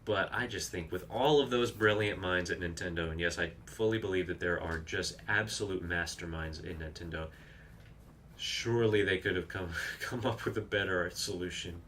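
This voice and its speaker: A man with a fairly low but bright, forceful voice, talking through a live game stream. He chats loosely, exclaims at what happens on screen and answers his viewers' comments. A faint hiss sits under the voice. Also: moderate pace.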